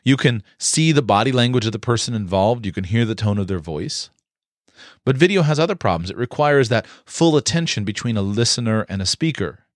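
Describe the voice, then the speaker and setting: A man giving an instructional talk on communication, explaining in a measured way with occasional fillers. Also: medium pitch, expressive, dry recording, clean studio sound.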